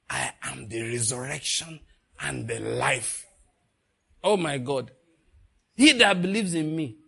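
Man, preacher, sermon, middle-aged, higher-pitched voice, animated delivery. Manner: animated, swings between hushed and loud, laughs often.

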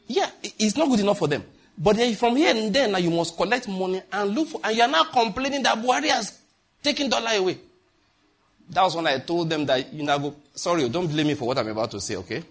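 Nigerian man, middle-aged preacher, husky, animated storyteller. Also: sits high, fast. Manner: animated storytelling with Pidgin asides. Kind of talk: sermon.

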